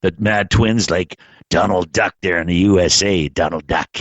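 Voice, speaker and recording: A man hosting a podcast in casual chat, rambling and halting, swearing freely. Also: low-pitched, no echo, muffled recording. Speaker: podcast host.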